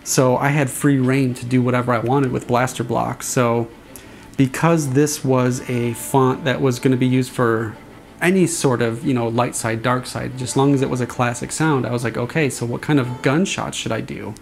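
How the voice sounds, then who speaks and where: A man's voice: mid-range voice, fairly even intonation, normal speed, gravelly. A man casually explaining how he designed a sound, rambling a little and imitating swing noises with his voice. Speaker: saber sound font designer. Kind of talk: casual explanatory demo talk.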